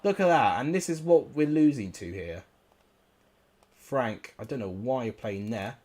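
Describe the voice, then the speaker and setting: A man's voice: mid-range voice, lively intonation, unhurried, a little mellow. A young man commentating live on his football game, frustrated and exclamatory, cursing at his players. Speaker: gaming YouTuber.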